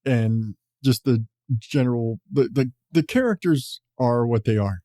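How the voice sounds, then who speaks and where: This man hosts a podcast, talking in a loose, laid-back way, swearing often and chuckling. He speaks unhurriedly in a mellow, medium-pitched voice, and the studio recording is clean with no echo.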